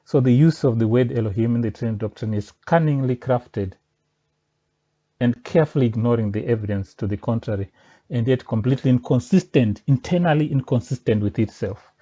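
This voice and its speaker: Mellow-voiced man arguing insistently. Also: mid-range voice, fairly quick. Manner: argumentative and insistent, presses points step by step. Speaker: religious commentator. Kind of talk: spoken rebuttal addressed to a pastor. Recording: dull lo-fi recording.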